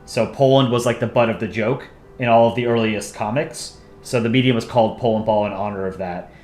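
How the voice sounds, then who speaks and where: A man's voice: mid-range voice, steady tone, brisk, darkish tone, faint music behind. Young American man, casual stream host, rambling, chatty, room echo. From United States. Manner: rambling, chatty, reads viewer comments aloud. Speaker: channel host on a livestream. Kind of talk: casual livestream chat.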